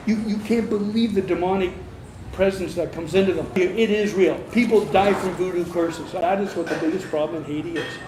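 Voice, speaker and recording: A man's voice: high-pitched, a little fast. Earnest man in an echoey room. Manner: earnest, emphatic, repeats himself for stress. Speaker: missionary. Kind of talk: interview. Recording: echoey room, faint noise.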